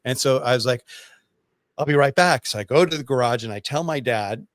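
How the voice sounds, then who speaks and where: A man telling a long personal story in casual talk, rambling and animated, with many restarts. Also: mid-range voice, quick pace, no echo.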